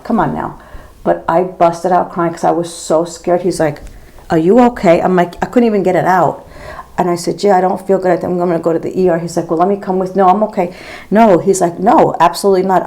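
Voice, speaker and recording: A woman's voice: fairly low pitch, vocal fry, warm tone. A woman in her fifties chatting casually to her camera as she does her makeup, telling a rambling story with lots of "girl" and "like.". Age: 50s. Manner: gossipy, rambling, says girl and like a lot. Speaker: makeup vlogger and nurse.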